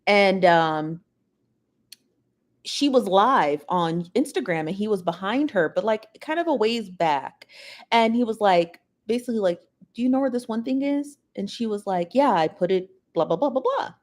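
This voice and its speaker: Woman host, casual gossip livestream, chatty and teasing, mid pitch. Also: lively intonation, unhurried. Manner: chatty, laughs often, talks straight to viewers.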